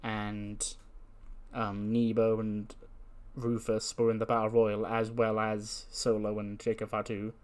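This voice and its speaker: A man's voice: on the low side, monotone, unhurried, darkish tone, clean tone. A man giving a laid-back, jokey recap of a wrestling sim game, with many ums. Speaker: game commentator.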